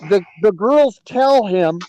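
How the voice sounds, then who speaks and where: A man's voice: sits high, animated, takes it slowly, lo-fi sound, noisy background. A man arguing heatedly on a live stream, swearing heavily and repeating his points. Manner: heavy swearing, repeats himself insistently. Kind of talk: heated online debate.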